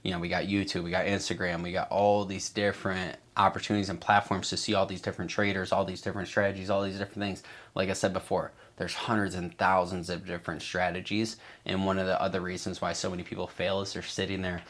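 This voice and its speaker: A man's voice: low-pitched, flat delivery, quick pace, a bit bright. A man giving a casual coaching talk to traders, emphatic and repetitive, swearing freely and acting out a trader's inner voice. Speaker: trading coach.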